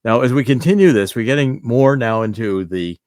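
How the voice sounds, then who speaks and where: A man hosting an interview, prompting his guest in a relaxed way. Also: medium pitch, fairly quick, no room sound, studio quality. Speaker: interview host. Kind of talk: interview chat.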